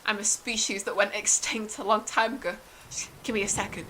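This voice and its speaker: A woman's voice: mid-range voice, a little hiss or hum, close to an everyday voice, rough recording. Woman doing a sly long-necked spirit creature. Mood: hurried. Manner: calm, then hurried and breathless.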